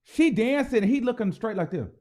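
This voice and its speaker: A man's voice: high voice, normal speed. A man hosting his own show, giving a casual, profane commentary and acting out the people he talks about. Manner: animated, profane, acts out quoted voices. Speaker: host.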